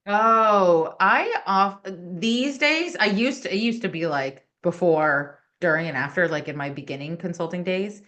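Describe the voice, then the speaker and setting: Animated woman consultant, lively voice. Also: fairly low pitch, unhurried, few pauses. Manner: animated, explains with lively asides. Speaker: education consultant and coach. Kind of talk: casual podcast conversation.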